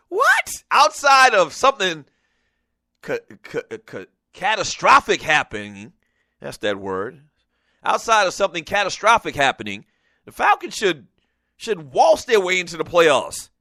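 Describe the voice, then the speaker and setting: Male radio host from South Carolina, rambling chatty monologue, lively pitch, dry close mic. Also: a little slow, no room sound. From Lowcountry South Carolina. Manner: rambling, chatty, laughs often. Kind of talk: casual talk radio monologue.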